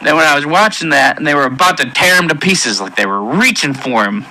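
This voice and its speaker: A man giving an emotional personal testimony in an earnest, halting way, with many pauses and restarts. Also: fairly high pitch, lively intonation, sharp tone, low-quality recording. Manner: intense, pleading delivery. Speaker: testimony speaker.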